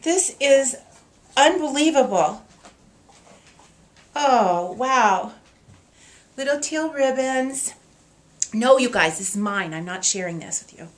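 A woman's voice: sits high, lively intonation, slow, long pauses. Woman gushing and choked up on camera. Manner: emotional, gushing, laughs and gets choked up; reads a letter aloud. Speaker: author opening reader gifts. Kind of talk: casual video to readers.

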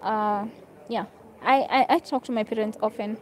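A woman's voice: a little high, normal speed, a little mellow. A woman hosting a live stream in a hotel room, chatting casually as she reads viewer comments aloud and answers them, laughing easily.

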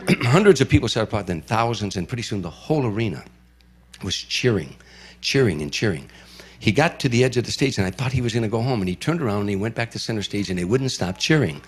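A man's voice: lowish voice, lively intonation, fast, slightly rough. An older man from Chicago, an entertainer, telling a vivid story in an interview and acting out the voices of the people in it. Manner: vivid storyteller who acts out quoted voices.

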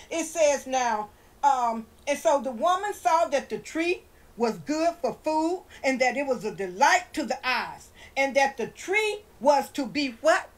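A woman's voice: sits high, a bit bright, low-quality recording. A woman preaching an informal sermon and reading scripture aloud, who puts questions to her listeners and then answers them herself.

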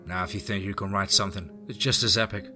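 A man's voice: low voice, steady tone, quick pace, over music. A man narrating a horror story aloud, then chatting enthusiastically to his listeners. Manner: enthusiastic, effusive.

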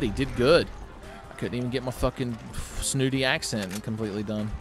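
A man giving casual, profane, joking commentary over his own gameplay, rambling and breaking into loud exclamations. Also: on the low side, a little fast. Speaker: let's play commentator. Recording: game music behind the voice.

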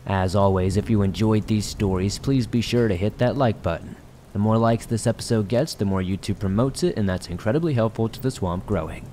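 A low-voiced man narrates horror stories for his podcast, reading in a casual, conversational way. Faint rain patters in the background. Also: mellow, a little hiss or hum. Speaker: horror story podcast host. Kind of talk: scripted horror story narration.

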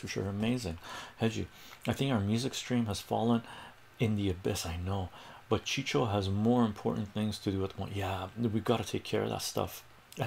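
A man's voice: lowish voice, gravelly, a little mellow, slight background noise. A man on a livestream, telling a rambling personal story and chatting casually with viewers. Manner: rambling, acts out quoted voices, chats with viewers. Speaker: livestream math tutor.

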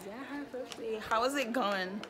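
A woman's voice: on the high side, moderate pace. Chatty teen girl vlogging at school. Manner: laughing, chatty, slangy. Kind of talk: casual school vlog chat. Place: busy high school classroom and hallway. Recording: noisy crowded school. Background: loud crowd of students.

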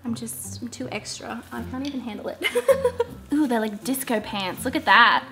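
A woman's voice: a little high, moderate pace, over music. A young woman chatting in a bubbly, giggly way through a casual shopping haul vlog. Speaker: vlogger.

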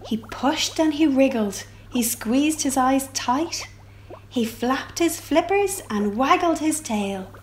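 Woman reading a picture book aloud, slow and expressive, high lively voice, library storytime. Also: a little hiss or hum. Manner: expressive, sound effects.

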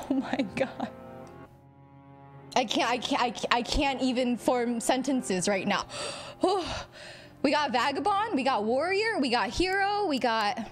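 A woman streaming a video game, reacting with giggles, gasps and excited squeals. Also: high-pitched, measured pace, soft background music.

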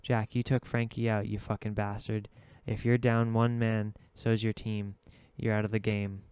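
A man's voice: lowish voice, flat delivery, moderate pace, darkish tone, clear, resonant tone, no echo, natural voice. A man voicing a blunt, furious union man. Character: angry man, union organizer.

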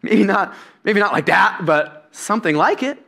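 A man preaching a sermon as pastor, telling the story with jokes and animated asides to the congregation. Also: sits high, normal speed, creaky. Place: church stage.

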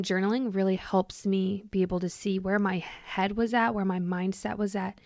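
A woman's voice: mid-range voice, no echo. A woman in her late twenties hosting a podcast, talking in a chatty, heartfelt and reflective way into a close microphone. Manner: chatty and heartfelt, full of "like" and gushing thanks. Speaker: podcast host. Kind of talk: casual reflective podcast monologue.

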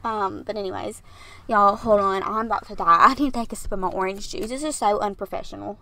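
A woman's voice: mid-range voice, steady tone, quick pace, pushed and bright. A young woman, chatting breathlessly in a rambling, laughing voiceover, recorded in her parked car. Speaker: YouTuber narrating a build video. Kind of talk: casual voiceover.

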